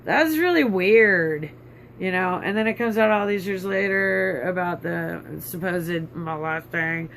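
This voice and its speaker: A vlogger tells a long personal story in a rambling, indignant manner, with plenty of fillers and restarts. The voice is bright and sharp. A faint background hiss runs under the talk. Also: medium pitch, unhurried, vocal fry. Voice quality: bitter, indignant, with many fillers.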